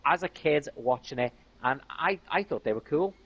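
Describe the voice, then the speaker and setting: A man talks casually on a game stream, rambling with enthusiasm and lots of fillers. His voice is slightly husky. The mic sounds dull and lo-fi. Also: a little high, animated, moderate pace, a bit bright. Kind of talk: casual gaming stream chat.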